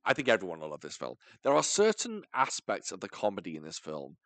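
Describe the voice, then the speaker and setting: Lively, animated podcast host man. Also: sits low, no echo. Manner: enthusiastic, rambling, quick asides. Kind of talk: casual film review chat.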